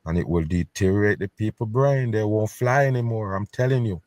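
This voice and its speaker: A man with a fairly low voice comments scornfully on news footage and keeps urging his viewers to pay attention. The sound is dry and close, with no room echo. He talks in a casual, emphatic way, as if letting people in on a secret. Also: fairly quick, a little mellow. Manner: scornful, conspiratorial. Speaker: host reacting to news clips.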